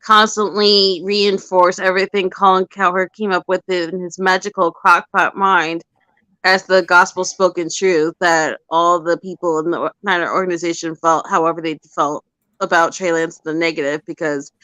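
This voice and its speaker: A woman's voice: lowish voice, sharp tone, dry recording. A woman co-hosting a casual sports chat, giving heated, long-winded takes on the game. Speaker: podcast co-host.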